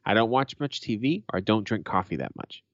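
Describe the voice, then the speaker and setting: A man's voice: fairly low pitch, expressive, brisk, fairly bright tone, no echo, dull audio. A man co-hosting a podcast in casual chat, blunt and sweary, ranting with a laugh. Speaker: podcast co-host.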